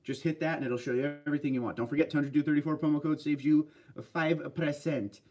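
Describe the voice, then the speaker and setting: A man hosting a casual livestream, answering viewer comments in a relaxed, chatty way. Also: a little high, fast talker, recorded from a distance. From Pennsylvania. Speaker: livestream host reading chat. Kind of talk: casual live chat.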